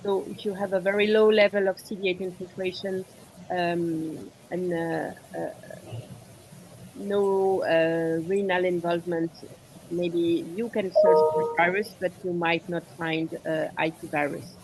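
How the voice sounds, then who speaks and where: A woman with a French accent answering questions in an online medical discussion, pausing often on "uh" over a video call. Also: fairly low pitch, fairly even intonation, a little mellow, slight background noise, low-quality recording. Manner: halting, frequent "uh" pauses. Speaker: speaker.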